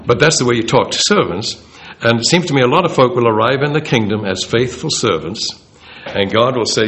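A man gives an easygoing Bible talk, his pitch rising and falling a lot. He talks conversationally and acts out the lines he quotes. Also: expressive, fast talker, a bit bright. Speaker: Bible teacher. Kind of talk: informal talk on theology.

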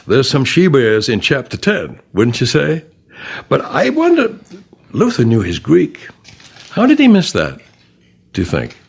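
A man preaching a sermon in a conversational way, quoting scripture and voicing God's words gently, then rising sharply for emphasis. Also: medium pitch, slightly rough.

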